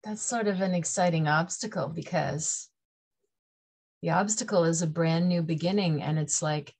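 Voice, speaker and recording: A woman's voice: lowish voice, moderate pace, a little mellow, slightly rough. A middle-aged woman from Canada giving a chatty, playful tarot reading to camera, laughing often between her points. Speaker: tarot reader.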